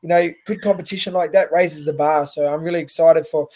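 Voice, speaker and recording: A young Australian man chatting as a podcast guest, earnest and loose, padding his thoughts with "you know". His voice sits a little high for a man. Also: steady tone, fairly quick, warm tone. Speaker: guest boxer. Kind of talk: casual podcast interview.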